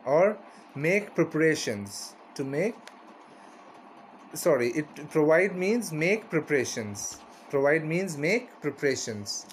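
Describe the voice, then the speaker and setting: A man's voice: on the high side, very animated, slow, slight background noise. A man teaching a vocabulary lesson, repeating each word and its meaning and often asking "right?".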